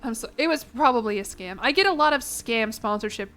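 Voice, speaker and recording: A woman's voice: on the high side, animated, fairly quick, a bit bright, faint music behind. A young woman streaming a game, rambling and giggling as she chats with her viewers. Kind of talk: casual chat to a live chat.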